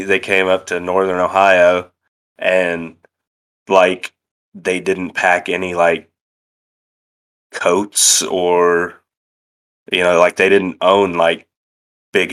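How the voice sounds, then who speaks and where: A man's voice: low-pitched, level tone, takes it slowly, long pauses, fairly bright tone, clean tone. A young man from central Indiana, telling stories in casual chat, swearing freely and laughing often. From central Indiana, USA.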